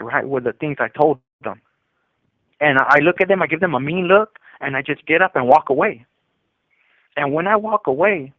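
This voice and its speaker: A man's voice: fairly high pitch, no room sound. A man telling his own story in a rambling, casual way, full of fillers and quoted back-and-forth, recorded over a prison phone call.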